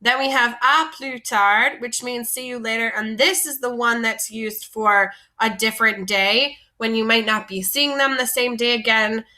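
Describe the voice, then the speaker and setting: A woman's voice: fairly high pitch, fairly even intonation, normal speed, few pauses, bright, forceful tone. A woman teaching French vocabulary in a patient, explanatory lesson, often recapping and repeating terms.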